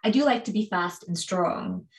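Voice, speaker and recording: A woman's voice: mid-range voice, lively intonation, normal speed, roomy sound. A woman from Canada with a Canadian accent touched by a slight British twang, chatting in an interview about cycling with frequent laughs and fillers. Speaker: cycling YouTuber, guest. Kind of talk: casual interview chat.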